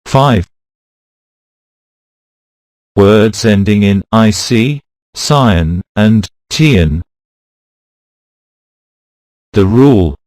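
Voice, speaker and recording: A lowish-voiced man reads a scripted pronunciation lesson in a slow, measured way, giving each example word on its own. He is animated with a darkish tone, and the sound is close and dry with no echo.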